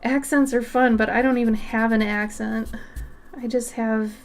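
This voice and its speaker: A woman's voice: on the high side, fairly even intonation, moderate pace. A woman from Minnesota with a Minnesota accent, hosting a casual art livestream and chatting with viewers, laughing often and tripping over words.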